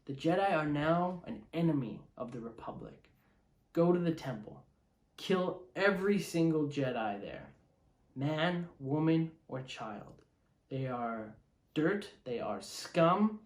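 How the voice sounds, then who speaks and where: Tormented young Jedi knight, man's voice a touch high, offhand delivery - a guy reads it. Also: expressive, slow pace, echoey room. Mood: cold. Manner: offhand, casual retelling voice.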